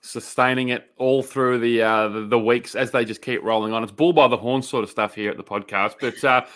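A brash Australian man co-hosting a podcast, cracking jokes and boasting in a loose, slangy way. His voice has a bright, forward ring to it. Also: mid-range voice, fairly even intonation, a little fast. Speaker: podcast co-host. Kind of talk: casual podcast banter.

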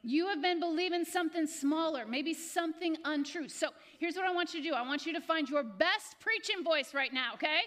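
A woman's voice: very high voice, brisk, few pauses, a bit bright. A woman pastor preaching a sermon to a live congregation in a church, repeating phrases and speaking to people by name. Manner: repetitive, exhorting, addresses congregation by name.

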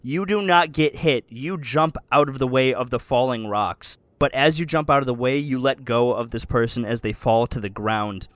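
A man's voice: medium pitch, moderate pace, hardly any pauses, dry recording. A man narrating a tabletop game as game master, describing scenes steadily.

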